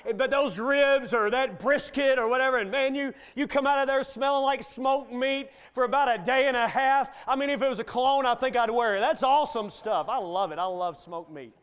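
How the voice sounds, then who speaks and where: A man's voice: very high voice, a little fast, few pauses, fairly bright tone, clean tone. A middle-aged male guest preacher delivering a sermon in a folksy, joking manner.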